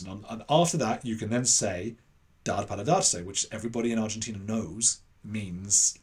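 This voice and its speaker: Animated English man telling a story. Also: fairly low pitch, fairly quick. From England. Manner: animated storyteller who acts out other people's voices. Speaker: podcast guest. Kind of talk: casual anecdote in an interview.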